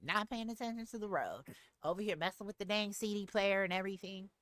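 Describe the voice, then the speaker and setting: Woman, streamer, bright voice, dry close sound, animated storytelling. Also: mid-range voice, fast, dry recording. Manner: animated, chatty, laughs often. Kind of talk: casual storytelling to live chat.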